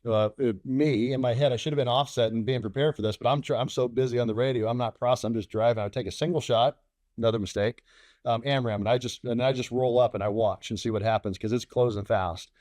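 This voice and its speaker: A middle-aged man tells a combat story from the cockpit at a quick clip, acting out the radio chatter as he goes. His voice sits at an ordinary pitch but shoots up when he plays the frantic calls. It is recorded close and dry. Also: steady tone, a little mellow, no echo. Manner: acts out radio calls and dialogue, rising sharply in pitch. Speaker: fighter pilot guest. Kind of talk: animated war storytelling.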